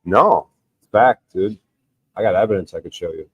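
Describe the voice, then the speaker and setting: A deep-voiced man speaking at a moderate pace runs a livestream, with dull audio and slight background noise. Reading chat aloud, he rants casually and profanely, arguing insistently and cursing plenty.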